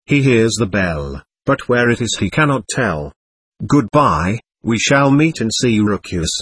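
A man's voice: fairly low pitch, very animated, measured pace, a bit bright, slightly rough, dry recording, exaggerated voice. A man reading an audiobook, voicing a cheeky schoolboy who speaks in an incisive, mocking way. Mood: defiant. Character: cheeky, defiant teenage schoolboy. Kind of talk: audiobook character voice.

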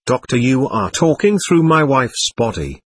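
A man reading the part of a patient doctor who questions and lectures a spirit in a séance record, with a husky voice. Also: mid-range voice, sing-song, a little slow, no echo. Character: calm, firm male doctor questioning a spirit. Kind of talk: reading a séance transcript aloud.

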